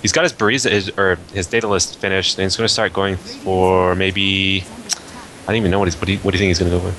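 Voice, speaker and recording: A very deep-voiced man breaks down a video game match at a quick clip, his tone bright and forward. He speaks casually and analytically, with a faint hiss of noise behind him. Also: steady tone. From Canada. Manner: analytical, casual, many fillers like I mean and like. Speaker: esports color commentator.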